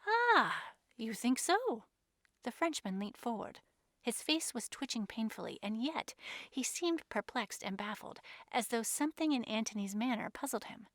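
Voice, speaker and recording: Gravelly woman reading a novel. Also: fairly high pitch, lively intonation, no echo, clean studio sound. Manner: measured storytelling. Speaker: reader.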